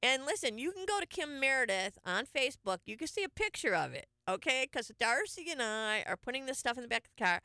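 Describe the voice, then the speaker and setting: A woman's voice: high voice, big pitch swings, fairly quick, few pauses, pushed and bright, clean tone, no room sound, clean studio sound. A middle-aged woman hosting a casual radio show, telling stories in a chatty way and laughing often. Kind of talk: casual morning show chat.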